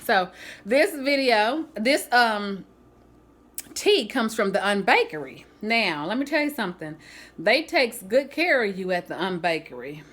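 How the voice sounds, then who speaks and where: A woman vlogging casually to the camera, chatty and animated, often laughing and using folksy, churchy phrasing. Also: medium pitch, measured pace. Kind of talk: casual vlog talk to camera.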